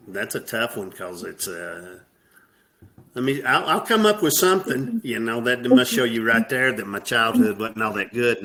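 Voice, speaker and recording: A man's voice: fairly low pitch, pushed and bright. A middle-aged man with a Southern US accent, talking plainly and at ease as an interview guest, with many fillers. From American South. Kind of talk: casual interview.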